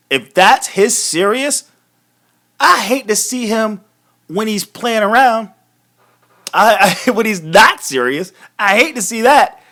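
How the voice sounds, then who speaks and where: A man's voice: high-pitched, a bit bright. A man hosting a live wrestling recap, ranting casually and profanely, often laughing. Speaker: host of a wrestling recap show.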